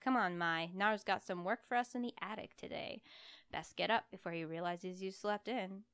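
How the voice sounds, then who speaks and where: A woman's voice: medium pitch, normal speed, fairly bright tone, clear, resonant tone, no room sound, studio quality, close to an everyday voice. A woman voicing a sassy young woman who snaps back, in a storybook reading.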